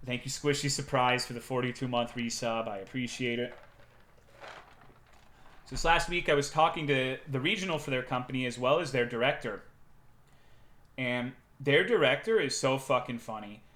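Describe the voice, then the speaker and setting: A young man streaming, telling profane, animated anecdotes to his chat and acting out the quotes. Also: mid-range voice, moderate pace. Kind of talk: casual storytelling to chat.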